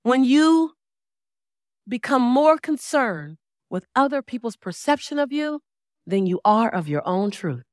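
A woman in her forties delivers a motivational speech from a stage, her voice sitting fairly high. She tells her story with theatrical flair, acts out the people she quotes, and hammers home phrases by repeating them. The sound is close and dry, with no room around it. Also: sing-song, unhurried, dry recording. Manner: dramatic storytelling, acting out quoted dialogue; emphatic, repeats key phrases. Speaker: motivational speaker. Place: stage before a live audience.

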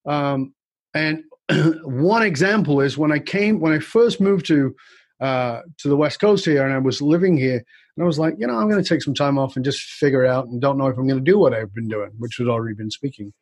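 Husky guy opening up about his life, frank and reflective, dry close sound. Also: mid-range voice, a little fast, dry recording. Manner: candid, reflective, with casual swearing. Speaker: guest. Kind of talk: personal storytelling in a podcast interview.

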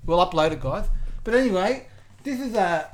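On this comedic improvised podcast, a woman voices a bratty, bragging eight-year-old boy host who giggles and erupts into loud outbursts. Her natural voice sits on the low side, expressive and at a normal speed, with noise behind her.

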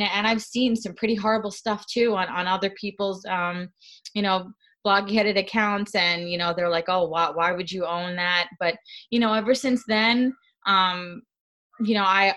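Bright-voiced woman, earnest and halting. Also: medium pitch. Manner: earnest, halting, many fillers and restarts. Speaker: guest, dog owner. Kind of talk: casual interview conversation.

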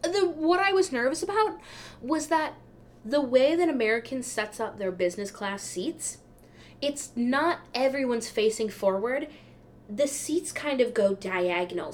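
A podcast host with a high voice tells a travel story casually and with animation, her pitch jumping up whenever she gets excited.

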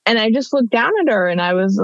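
A woman's voice: on the high side, expressive, a little fast, dry recording. A woman in her thirties, a guest on an interview, telling a personal story in a conversational way with lots of fillers and restarts. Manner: chatty, with many fillers and restarts. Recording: dull, dry lo-fi audio.

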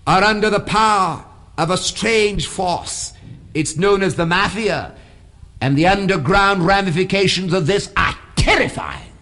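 A man's voice: high-pitched, bright, forceful tone. A man preaching a sermon in a church, building emphasis through repeated phrases. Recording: long hall reverb.

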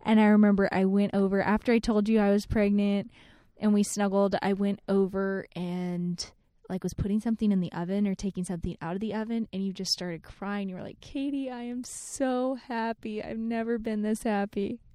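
Here is a young woman in casual conversation, laughing often as she tells her stories and scattering "like" through her sentences. Her voice sits at an ordinary pitch. It is recorded close and dry, with no room sound. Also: brisk, no echo. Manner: giggly, animated storytelling with many "like"s. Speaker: podcast co-host. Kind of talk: casual chat with spouse.

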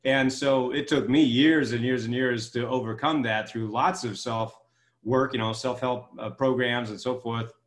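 This interview guest, an author and keynote speaker, shares animated stories at a moderate pace with fairly even intonation overall, though his pitch rises as he acts out quoted lines enthusiastically. The room is echoey.

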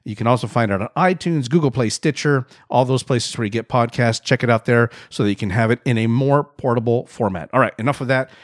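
A middle-aged man hosting a podcast, telling a personal story in a lively, self-mocking way. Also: medium pitch, brisk, hardly any pauses, no room sound, clean studio sound. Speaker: podcast host. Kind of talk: storytelling monologue.

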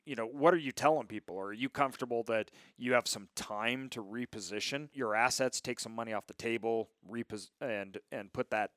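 A man's voice: mid-range voice, normal speed, hardly any pauses, fairly bright tone, dry recording, studio quality. A male interview host asking conversational, probing questions.

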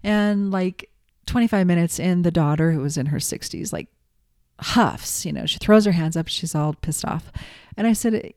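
A chatty middle-aged woman with a low, mellow voice, talking candidly and swearing now and then. She acts out quotes as she tells her story. The sound is dry and close. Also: moderate pace, no room sound. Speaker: psychic medium teacher. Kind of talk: casual teaching talk with anecdote.

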